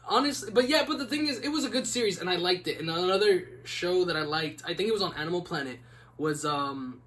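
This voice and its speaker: A man's voice: high-pitched, animated, fast talker, fairly bright tone. A young man hosting a casual podcast, rambling laid-back with lots of "like" and "man.". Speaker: podcast host. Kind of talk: casual chat.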